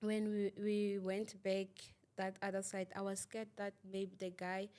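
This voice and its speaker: Halting young woman telling a painful story. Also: medium pitch, monotone, dark tone, clear, resonant tone. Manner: halting, repeats words, many fillers; asks "you understand?" often. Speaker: interview guest. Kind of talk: emotional personal testimony.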